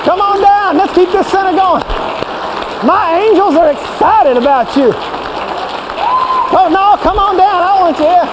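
Preacher doing a stern holy God, shouting, scolding, very high voice, reverberant hall. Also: male voice, very animated, a little fast, a loud crowd. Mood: urging. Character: stern holy God, male, banishing a sinner. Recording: reverberant hall, faint noise.

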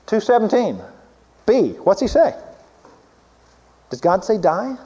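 A man preaching a sermon, swinging between loud emphatic peaks and low hushed asides. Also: big pitch swings, measured pace, pauses often, breathy edge, in a large hall, highs cut off.

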